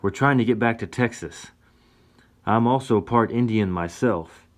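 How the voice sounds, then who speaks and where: A man's voice: on the low side, unhurried, voice pushed up, natural voice. A man doing a pleading young cowboy. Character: young cowboy, earnest and peaceable.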